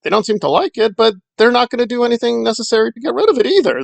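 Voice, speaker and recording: A man's voice: extremely high pitch, expressive, fast, creaky, hardly any pauses, no room sound. A man hosting a casual solo commentary, talking in a sarcastic, dismissive way. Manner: sarcastic, dismissive, with mocking quoted voices. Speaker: commentary channel host.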